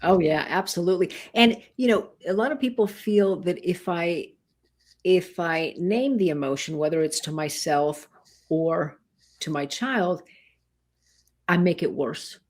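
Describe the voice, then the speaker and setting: A woman's voice: on the low side, measured pace, a little mellow. A woman in casual conversation, explaining emotions earnestly and acting out quoted phrases. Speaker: co-host.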